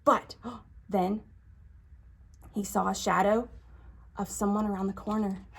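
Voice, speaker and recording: Expressive woman reading aloud to kids. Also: mid-range voice, a little slow, gravelly, husky. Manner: expressive, with frequent gasps. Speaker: children's librarian. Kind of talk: storytime read-aloud.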